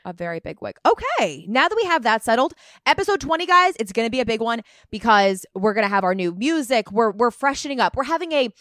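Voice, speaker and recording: A woman's voice: dry recording, studio quality. Playful woman podcast co-host. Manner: playful, quick quips, jumps up in pitch when excited. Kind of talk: casual chat.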